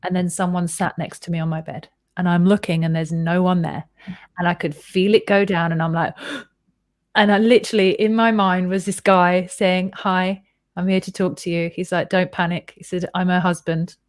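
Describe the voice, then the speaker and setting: A woman's voice: lowish voice, fairly even intonation, normal speed, no echo. Candid rambling woman, dry close sound. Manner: rambling, candid, swears freely, acts out her own reactions. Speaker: guest. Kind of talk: casual storytelling in conversation.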